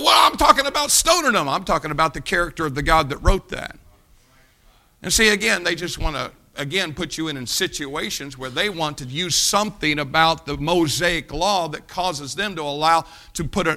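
A male pastor preaching in an emphatic, direct style. His voice is gravelly and sharply forceful, pitched a little high for a man. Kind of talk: sermon.

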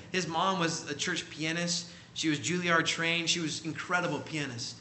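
A man's voice: on the high side, moderate pace, few pauses, pushed and bright, slight background noise. A man preaching, telling a story emphatically and acting out the people he quotes. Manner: emphatic, acts out quoted voices. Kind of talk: sermon storytelling.

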